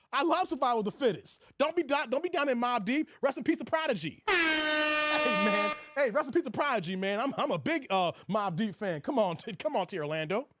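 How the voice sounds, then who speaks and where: Loud, animated livestream host, high-voiced man. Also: no echo, clean studio sound. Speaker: host of a livestream commentary show. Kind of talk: casual commentary reading live chat.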